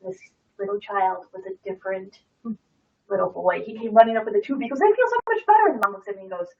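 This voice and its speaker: A woman's voice: mid-range voice, fairly even intonation, quick pace, gravelly, slight background noise. A woman in her thirties, a mother telling home stories in a chatty way with many fillers and restarts. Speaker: guest sharing a testimonial. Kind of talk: casual chat. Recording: muffled audio from far off the mic.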